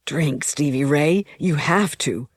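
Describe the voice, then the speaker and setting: Tearful devoted young man, low and steady, read by a woman. Audiobook figure. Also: takes it slowly, no room sound, studio quality. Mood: tender. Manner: soft, steady pleading.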